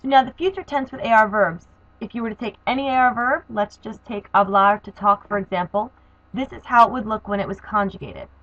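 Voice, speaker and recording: A woman walks through a grammar lesson, explaining methodically and spelling out endings one letter at a time. Her voice sits at a middling pitch. The recording is dull and lo-fi, with a dry, close sound. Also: a little fast, a bit bright, no echo. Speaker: Spanish teacher.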